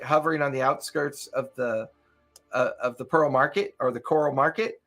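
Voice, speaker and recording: A man's voice: fairly high pitch, bright, forceful tone. A man acting as game master, narrating a tabletop game loosely with many fillers.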